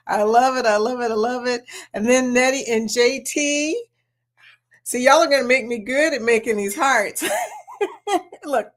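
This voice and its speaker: A woman hosting a casual live stream, bubbly and laughing often as she greets chat members one by one. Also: fairly high pitch.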